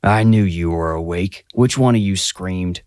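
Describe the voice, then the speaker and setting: Man playing grumpy old grandpa, gruff, demanding, sneering, low, dry sound. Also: measured pace, a little mellow, no room sound.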